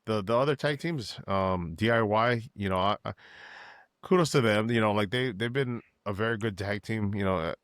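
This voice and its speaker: Casual podcast co-host, man, lowish voice, dry close mic, rambling and laid-back. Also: moderate pace, a bit bright, no room sound. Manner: easygoing, filler-heavy, hypes the wrestlers. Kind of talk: casual wrestling chat.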